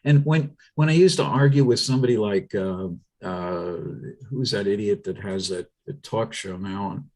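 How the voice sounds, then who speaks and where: A man speaking as a guest on a political talk show, emphatic and animated, often restarting his sentences. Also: fairly low pitch, moderate pace, hardly any pauses.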